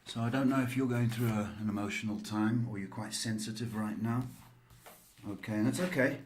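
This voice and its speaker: A man doing a live-streamed psychic card reading, answering viewers slowly, with many ums and pet names like baby and sweetheart. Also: lowish voice, a little hiss or hum.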